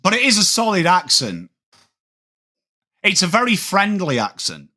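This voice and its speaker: A man's voice: sits high, huge pitch swings, a little slow, bright, forceful tone. Chatty Yorkshire man hosting a footy stream. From England. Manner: chatty, reads and answers chat comments. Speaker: livestream host. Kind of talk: live sports watchalong chat.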